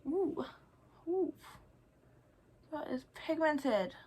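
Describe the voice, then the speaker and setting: Young woman, slightly high voice, chatty, self-deprecating, casual makeup vlog. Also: expressive, extremely slow, a little mellow. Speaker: beauty vlogger. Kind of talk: casual makeup tutorial chat.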